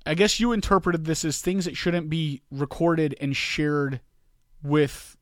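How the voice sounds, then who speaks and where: A man's voice: a little high, fairly even intonation, measured pace, no room sound. A man in his forties co-hosting a casual podcast, defending his habits with dry jokes and telling family stories. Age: 40s. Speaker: podcast co-host. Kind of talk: casual banter.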